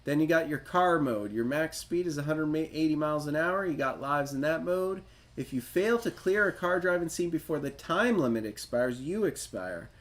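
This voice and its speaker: A man's voice: a little high, expressive, normal speed. A man hosting a retro gaming livestream, reading a game manual aloud and riffing on it in a chatty, self-deprecating way. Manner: chatty, self-deprecating, reads instructions then riffs on them.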